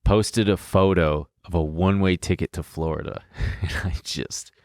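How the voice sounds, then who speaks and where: A man's voice: deep voice, fairly even intonation, moderate pace, a little mellow, no room sound, clean studio sound. A man co-hosting a podcast, telling a personal story in a candid way, laughing and swearing as he goes. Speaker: podcast co-host. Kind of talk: casual storytelling chat.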